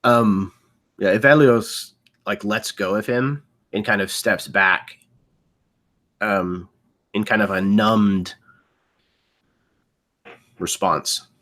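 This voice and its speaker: A man playing a tabletop game, describing his character's reactions in a halting way. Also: fairly low pitch, steady tone, a bit bright. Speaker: player.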